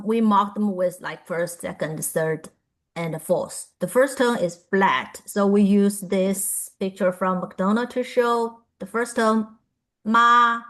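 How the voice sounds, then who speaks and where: A woman presenting a pronunciation workshop, reading sound lists aloud with frequent filler pauses. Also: medium pitch.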